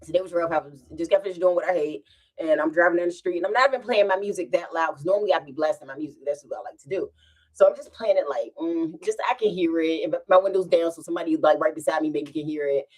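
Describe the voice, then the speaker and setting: A woman's voice: fairly low pitch, fast talker. A woman vlogger, chatting casually at home and telling a rambling story with frequent laughs. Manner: animated, rambling, laughs often.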